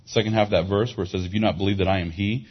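Low husky male preacher, dull recording. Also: steady tone, very fast. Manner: expository Bible teaching, explaining Hebrew words; rises in pitch and volume for emphasis. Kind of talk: sermon. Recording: dull lo-fi sound.

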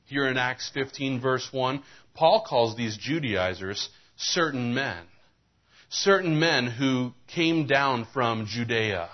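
A man's voice: mid-range voice, expressive, takes it slowly, highs cut off. A man preaching a sermon as a pastor, reading scripture and telling folksy jokes.

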